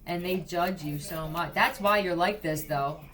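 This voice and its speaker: A woman's voice: lowish voice, unhurried, a bit bright. A woman giving a blunt, profane psychic reading, talking straight to the viewer in a casual way. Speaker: psychic reader.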